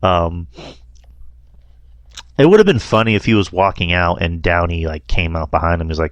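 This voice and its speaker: Deep-voiced man chatting about movies. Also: normal speed, no echo. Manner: rambling, laughs often, quotes lines in a mocking voice. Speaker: podcast host. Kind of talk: casual movie review chat.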